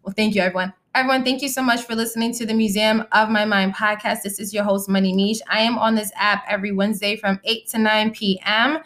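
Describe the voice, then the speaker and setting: A woman's voice: mid-range voice, fairly even intonation, fast, few pauses, a bit bright. A young adult woman hosting a casual live-audio podcast, talking bluntly and candidly and reacting to comments from the chat. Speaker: podcast host and musician.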